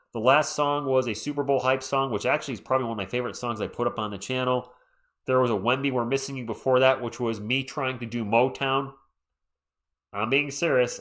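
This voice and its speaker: This drowsy man has a mid-range, slightly bright voice. He keeps his live sports stream casual and chatty, talking to viewers and giving shout-outs to the chat between plays.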